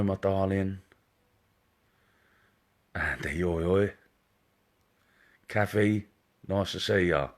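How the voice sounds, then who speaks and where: Guy doing a live stream, deep voice, matey and chatty, saying hi to everyone. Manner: chummy, greets viewers one by one by name. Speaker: psychic medium hosting a live stream. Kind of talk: casual live-stream chat. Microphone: wearing headphones.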